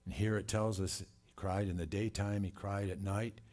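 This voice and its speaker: A man preaching a sermon in a church, reading scripture and commenting with slow, earnest emphasis. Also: fairly low pitch, flat delivery, darkish tone. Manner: slow, earnest delivery with scripture read aloud and dramatic quoted cries. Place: church sanctuary.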